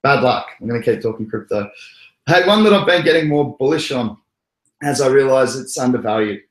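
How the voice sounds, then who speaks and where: A man's voice: mid-range voice, lively intonation, brisk. An Australian man hosting a casual livestream, rambling and joking with frequent chuckles. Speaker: crypto livestream host. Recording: roomy echoey room.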